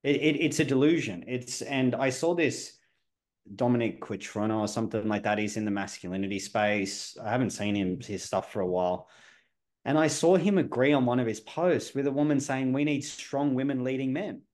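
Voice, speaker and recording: A man hosting a podcast talks in a blunt, assertive way. He lays out his opinions firmly and now and then drops a swear word. His voice sits at an ordinary middle pitch. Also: normal speed, a little mellow. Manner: sometimes swears. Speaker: podcast host. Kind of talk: casual podcast conversation.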